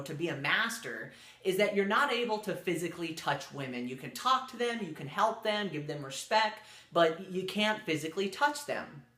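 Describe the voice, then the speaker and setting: Man, casual storyteller, bright voice, rambling delivery, roomy echo. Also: fairly high pitch. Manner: loose and rambling, many fillers and restarts.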